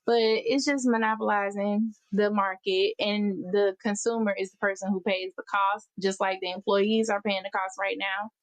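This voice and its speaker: A woman's voice: medium pitch, little pitch movement, moderate pace, hardly any pauses, dry recording. A woman hosting a podcast, giving heated, profane workplace advice in a blunt, emphatic way. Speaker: podcast host. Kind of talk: casual advice podcast monologue.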